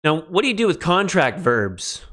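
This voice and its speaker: A man teaching a beginning Greek lesson on a livestream, relaxed and self-deprecating, spelling words out letter by letter. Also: on the high side, normal speed. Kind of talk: livestreamed lecture.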